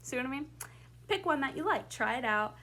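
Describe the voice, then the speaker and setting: A woman's voice: high-pitched, lively intonation, brisk, bright, forceful tone. A woman directing a school play, giving blocking notes to her actors in a casual way full of fillers. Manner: casual and chatty, with many fillers. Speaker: drama director.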